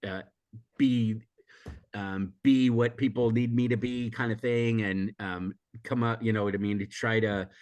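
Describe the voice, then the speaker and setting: An older American man, guest on an interview and a teacher of emotional intelligence, reflects casually in a rambling way, often restarting, correcting himself, and laughing. He's still hoarse and coughing as he recovers from a recent illness. His voice sits on the low side with a steady, darkish tone and a measured pace.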